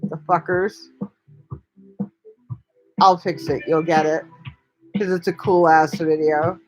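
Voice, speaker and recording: A woman's voice: sits low, steady tone, slow, a little mellow, lo-fi sound, soft background music. A woman hosting a casual live stream, talking bluntly and chattily with lots of swearing. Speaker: livestream host.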